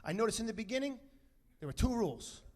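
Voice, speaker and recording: A man doing a brash, profane stand-up comedy set, telling stories and acting out quotes with loud punchlines. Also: high-pitched, big pitch swings, quick pace. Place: comedy stage with a live audience.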